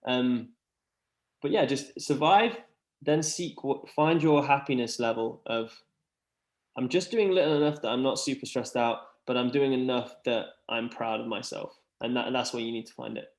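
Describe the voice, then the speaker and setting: A man's voice: mid-range voice, moderate pace. A man chatting earnestly about mental health, rambling with lots of fillers. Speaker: podcast guest. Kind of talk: casual chat. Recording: roomy echo.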